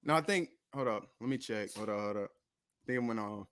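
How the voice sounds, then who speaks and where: A man's voice: fairly low pitch, fast, a bit bright. A man hosting a casual music livestream, talking in a loose, rambling way with swearing and frequent self-corrections. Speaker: streaming show host and rapper.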